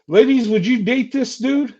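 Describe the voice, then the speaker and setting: A man's voice: very high voice, normal speed, darkish tone, husky, dull audio. An older man streaming a heated, insulting rant at a rival. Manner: angry, insulting, taunting.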